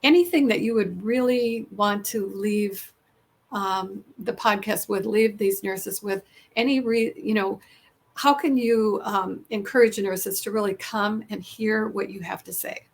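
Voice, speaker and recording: A woman's voice: medium pitch, a little slow, vocal fry. A woman who is a nurse hosting a podcast, talking earnestly in a casual interview with frequent fillers and restarts.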